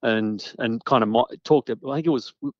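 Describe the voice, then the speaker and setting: A man's voice: mid-range voice, fairly quick, a little mellow, dry recording. A man as a guest recalling interviews, rambling with many restarts and fillers. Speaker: guest journalist. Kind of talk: casual interview chat. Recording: dull lo-fi sound.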